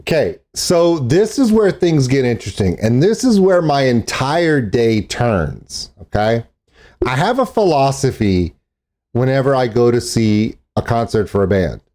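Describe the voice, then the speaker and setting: A man's voice: medium pitch, sing-song, unhurried, a little mellow. A man chatting casually as a vlogger, self-deprecating and talkative. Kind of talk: casual vlog narration. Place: outdoors in a parking lot.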